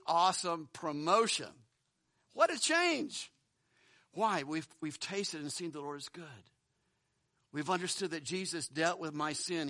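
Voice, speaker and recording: Bright-voiced man preaching a sermon. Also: a little high, no echo. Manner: earnest preaching with repeated words and restarts. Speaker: pastor. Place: church building.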